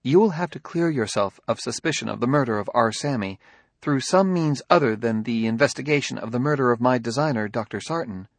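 Man reading as a composed male robot investigator, formal and precise in every word, with a husky edge to his dry, close voice. The delivery stays level and measured, like a machine reasoning aloud in an audiobook. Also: medium pitch, no room sound, lightly acted. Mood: calm. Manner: even, formal, precise speech. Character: calm, logical male humanoid robot detective partner.

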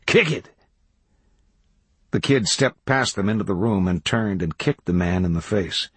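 A man reading a novel aloud as audiobook narrator, in measured, even storytelling. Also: low-pitched, breathy edge, dry recording. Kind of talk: scripted narration.

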